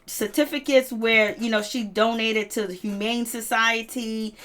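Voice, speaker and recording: A woman's voice: on the high side, steady tone, unhurried, fairly bright tone, faint music behind. Gossipy laughing woman recapping reality TV. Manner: gossipy, laughs often, quotes people dramatically. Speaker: commentary host.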